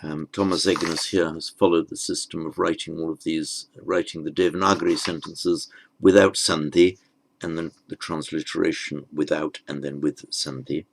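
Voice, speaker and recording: A man's voice: very deep voice, little pitch movement, moderate pace, creaky. A man giving a patient step-by-step language lesson, spelling out terms carefully with frequent ums and small restarts. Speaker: Sanskrit teacher.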